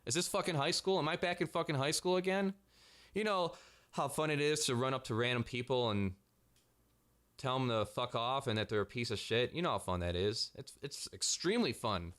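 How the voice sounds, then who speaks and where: A man's voice: medium pitch, brisk, fairly bright tone. A man delivering a sarcastic, profanity-heavy commentary rant as a vlogger.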